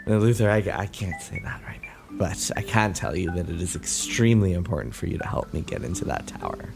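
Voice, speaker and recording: A smooth-talking elf rogue with a low, gravelly voice, as a player voices him. He speaks earnestly and coaxingly in a tabletop game, with faint music behind. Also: very animated, a little fast, full character voice.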